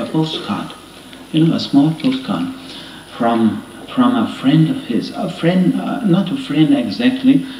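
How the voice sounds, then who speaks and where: A man's voice: mid-range voice, a little mellow, a little hiss or hum. A man telling anecdotes in a conversational way during a talk to an audience, acting out the dialogue he quotes. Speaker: speaker giving a talk. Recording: roomy and distant with faint ambience.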